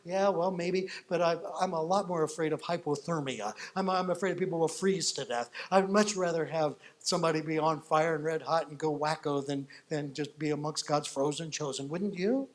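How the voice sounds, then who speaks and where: A man preaching a sermon as a pastor, telling stories with animated voices and rising to loud, excited peaks. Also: on the high side, brisk, few pauses.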